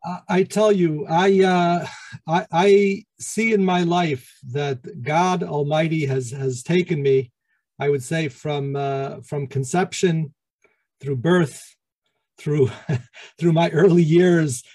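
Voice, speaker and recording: Halting middle-aged rabbi, dry close sound. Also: male voice, fairly high pitch, fairly even intonation, no room sound, rough recording. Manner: halting, many restarts, soft chuckles. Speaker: rabbi and interview guest. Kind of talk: reflective storytelling interview.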